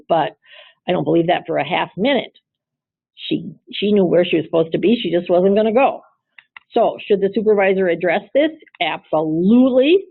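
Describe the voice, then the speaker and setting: A woman's voice: medium pitch, dry recording. A woman employment lawyer giving a conversational webinar lecture, chatty and full of rhetorical questions to her listeners. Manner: chatty, asks the audience rhetorical questions, frequent "you know" and "um". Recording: tinny phone-line audio, dry.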